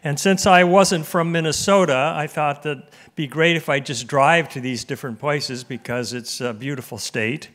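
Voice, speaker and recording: A man in his seventies, an emeritus professor giving a conference talk to a live audience in an auditorium, telling a self-deprecating anecdote in a relaxed way. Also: fairly high pitch, normal speed. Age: 70s. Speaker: guest speaker, emeritus professor.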